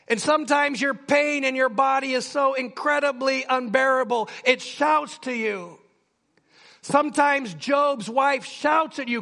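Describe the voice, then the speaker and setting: High, gravelly-voiced impassioned preacher man. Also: measured pace. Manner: impassioned, builds to near shouting. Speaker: pastor. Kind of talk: sermon.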